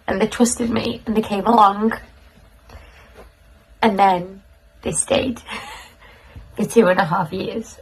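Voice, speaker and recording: A young woman, thanking her class's families in a tearful, halting, heartfelt way. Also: mid-range voice, gravelly, a little hiss or hum, low-quality recording. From North West England. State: tearful, close to crying. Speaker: toddler class leader. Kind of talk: casual thank-you message to parents.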